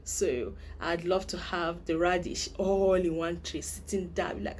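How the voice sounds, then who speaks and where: A young Nigerian woman vlogs, chatting playfully to the camera and laughing often. Her voice is fairly low, with fairly even intonation and a measured pace with few pauses. A little hiss or hum sits in the background.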